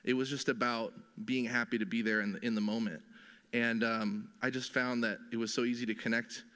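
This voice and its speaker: A young man giving a measured memorial speech, pausing often with "um". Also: mid-range voice, steady tone, a bit bright. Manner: measured, with many pauses and "um"s. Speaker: memorial speaker. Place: large theater. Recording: long reverb of a large hall.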